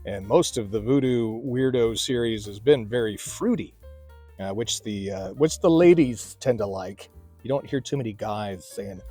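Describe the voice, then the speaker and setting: A man's voice: fairly low pitch, unhurried, warm tone, faint music behind. A middle-aged man hosting a casual beer review outdoors at night, talking in a chatty, folksy way with rambling asides. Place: outdoor beer garden at night under a spotlight.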